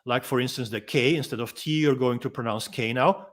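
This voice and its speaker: A freediving instructor calmly explaining and demonstrating techniques in a gentle, unhurried way, pausing often with ums. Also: male voice, mid-range voice. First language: Dutch. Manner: calm, gentle explaining with frequent ums and pauses.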